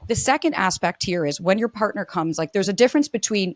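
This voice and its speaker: A woman's voice: mid-range voice, animated, fairly quick, few pauses, no room sound. A woman relationship coach as a podcast guest, talking fluently and acting out sample dialogue, with frequent "like". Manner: fluent, uses "like" often, acts out example dialogue. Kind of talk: casual interview chat.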